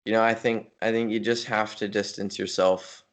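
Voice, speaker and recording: A man co-hosting a podcast, talking casually about bodybuilding and coaching with a relaxed, rambling manner and frequent restarts. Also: fairly low pitch, moderate pace. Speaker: podcast co-host. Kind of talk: casual chat.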